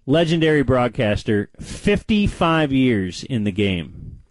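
A man co-hosting a casual sports chat show, telling stories with animated delivery. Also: slow, no echo, low-quality recording. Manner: animated storyteller, lively pitch. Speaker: co-host.

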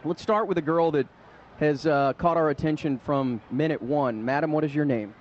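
A man's voice: a little high, normal speed, dull audio, a little hiss or hum. A man doing a live roaming interview outdoors at a busy event, full of teasing banter.

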